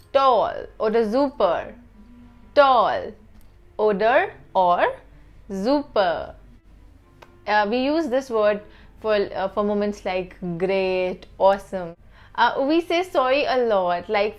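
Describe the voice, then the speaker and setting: A woman teaches a beginner lesson, repeating each phrase patiently. She talks very slowly and carefully. Soft music plays faintly behind her. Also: a little high, highs cut off. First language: not German. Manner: slow, repeats each phrase several times. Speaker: language teacher.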